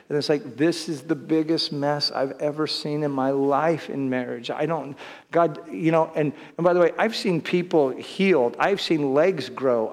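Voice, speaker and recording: Earnest male pastor in a reverberant church. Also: mid-range voice. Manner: conversational and earnest, with frequent restarts and asides. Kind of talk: sermon. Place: church sanctuary. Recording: long hall reverb.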